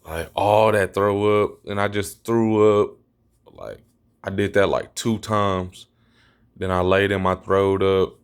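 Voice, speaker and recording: Lowish-voiced man swearing his story is true. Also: takes it slowly, clean tone. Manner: animated, acts out quotes in a raised voice; repeats himself, insists it is true. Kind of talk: casual storytelling to viewers.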